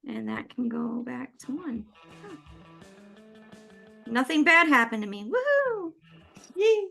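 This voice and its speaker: A woman with a high, bright voice that swings widely in pitch, chatting and joking with her fellow players. She laughs often. Faint music plays behind her. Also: normal speed, gravelly. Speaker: tabletop player. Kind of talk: casual chat between players.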